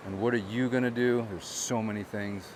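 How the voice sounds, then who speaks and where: A man with a lowish, steady voice talks at normal speed over background noise. He's a vlogger and real estate agent filming a walk-and-talk by the shore on a gimbal-mounted handheld camera, venting bluntly and with frustration to his viewers.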